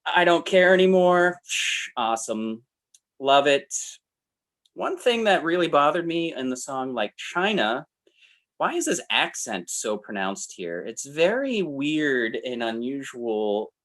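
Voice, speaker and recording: A man talks through an album review on a podcast, his pitch leaping around with lively swings. He rambles, trails off and starts over. It sounds like easygoing chat between friends. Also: slow pace. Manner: animated, rambling, trails off and restarts. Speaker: podcast co-host. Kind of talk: casual music review chat.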